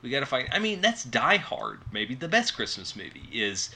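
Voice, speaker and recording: Bright-voiced man, rambling casually. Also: medium pitch, big pitch swings, normal speed. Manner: rambling, filler-heavy. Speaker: podcast co-host. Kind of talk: casual chat.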